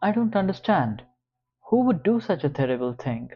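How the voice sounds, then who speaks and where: A man's voice: sits high, big pitch swings, normal speed, muffled recording, voice pushed up. A man reading an audiobook, voicing a defensive young college woman in a raised, strained, urgent voice. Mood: pleading.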